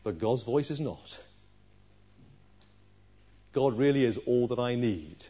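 A husky man preaching a sermon in an even middle pitch. He presses the congregation with question after question, rising loud and then dropping to a hush. The recording is dull and lo-fi. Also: slow. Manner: earnest preaching with rhetorical questions, swinging from loud to hushed.

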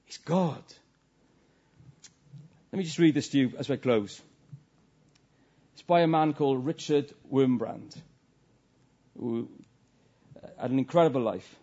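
Male preacher, sermon, earnest short phrases, mellow tone, dull lo-fi recording. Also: fairly high pitch, a little slow, pauses often. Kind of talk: evening sermon with a read-aloud story and prayer. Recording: dull lo-fi sound.

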